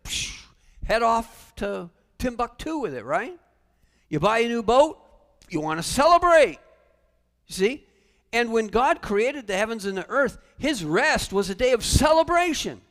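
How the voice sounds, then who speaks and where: A male pastor preaching a sermon in a church sanctuary, animated, with humorous asides. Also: very high-pitched, unhurried. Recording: long church reverb.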